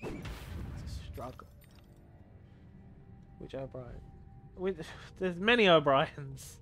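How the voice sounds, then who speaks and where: A man's voice: fairly high pitch, animated, drawn-out words, loud music behind the voice. A man streaming a video game, chatting casually with viewers, swearing freely and laughing often. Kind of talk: casual gaming stream chat.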